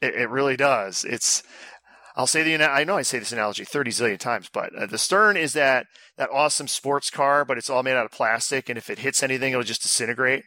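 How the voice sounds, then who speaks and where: A man's voice: mid-range voice, fast, sharp tone, dry recording. A man co-hosting a casual podcast, loose and joking, swearing freely. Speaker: podcast co-host. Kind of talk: casual chat.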